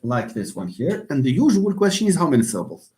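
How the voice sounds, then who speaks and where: A man teaching English word stress in an online lecture, drawing out words slowly and with emphasis. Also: a little high, very animated, mellow. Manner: slow, emphatic, drawn-out words.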